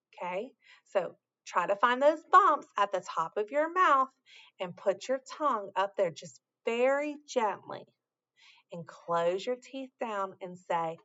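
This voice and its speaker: A woman's voice: medium pitch, sharp tone, highs cut off. A woman teaching a sound to young children in a patient, encouraging way, with sing-song praise and carefully spelled-out sounds.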